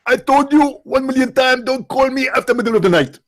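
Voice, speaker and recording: A man putting on an exaggerated, high-pitched impression of a smug male preacher, mocking and taunting. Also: fairly quick. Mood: exasperated.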